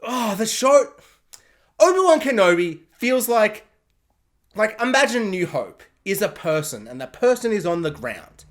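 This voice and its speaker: A man giving a sarcastic, animated spoiler review, often slipping into mock voices. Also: high voice, unhurried. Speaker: YouTube reviewer.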